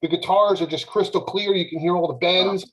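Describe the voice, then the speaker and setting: A man on a podcast panel telling a casual, animated story with lots of filler words. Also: high-pitched, brisk, rough recording.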